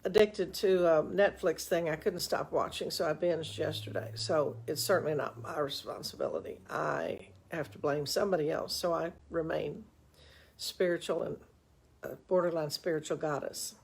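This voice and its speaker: A woman's voice: low-pitched, normal speed, creaky, breathy edge. An older woman, a relationship coach, giving chatty, folksy advice on a live stream with self-mocking asides, into a webcam.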